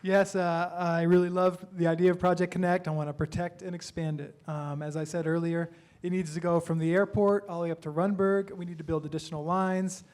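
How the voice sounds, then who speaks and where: A man's voice: high-pitched, level tone, brisk, a little mellow. A man, a council candidate, answering eagerly at a forum, often stumbling and restarting his sentences.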